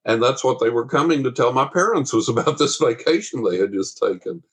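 A man telling a paranormal story from his childhood in a casual interview, animated and acting out the voices of the people in it. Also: medium pitch, brisk, hardly any pauses, husky, rough recording.

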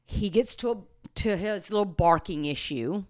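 A woman co-hosting a podcast on dog training, explaining in an earnest, steady way and sometimes slowing and softening her voice. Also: mid-range voice. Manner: earnest, explanatory, slows and softens to demonstrate calm talk. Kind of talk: casual podcast chat.

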